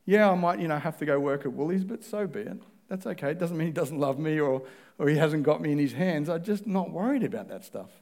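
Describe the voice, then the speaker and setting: A man's voice: fairly high pitch, lively intonation, fast, darkish tone. A man preaching a sermon in a conversational way, acting out both sides of the dialogues he describes.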